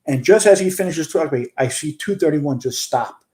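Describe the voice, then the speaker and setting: A man's voice: fairly high pitch, lively intonation, normal speed, a little mellow. A man in his sixties, a retired fire chief and podcast guest, earnestly recounting a big fire in close detail. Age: 60s. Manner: earnest storyteller, relives events in detail. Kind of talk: recounting a firefight in a podcast interview.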